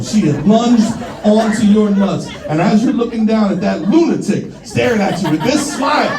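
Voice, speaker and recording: High-pitched animated stand-up comedian man. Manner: animated, shouting punchlines and acting out quotes. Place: comedy venue with a live audience. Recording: roomy, distant mic with crowd noise.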